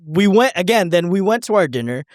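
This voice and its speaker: A man's voice: high voice, big pitch swings, brisk, dry recording, clean studio sound. A man co-hosting a podcast, telling a rambling story in casual chat, swearing, laughing and acting out what people said. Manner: rambling, profane, laughing, acts out quotes. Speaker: podcast co-host.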